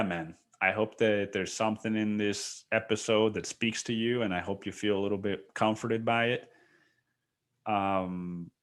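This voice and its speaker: A man's voice: lowish voice, a bit bright, clear, resonant tone. A young man hosting his own podcast, talking in a rambling, candid way, dropping "dude" and "man" and casual swearing. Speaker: podcast host. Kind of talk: casual solo podcast monologue.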